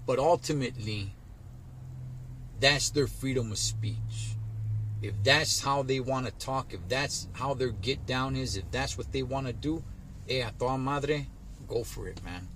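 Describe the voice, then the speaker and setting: A man's voice: medium pitch, unhurried, fairly bright tone, slight background noise. A middle-aged man, vlogging casually about his views, peppering his talk with "man," "dog" and "homie.". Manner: laid-back street slang, frequent "man" and "dog". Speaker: trucker vlogger. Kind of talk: casual monologue to camera.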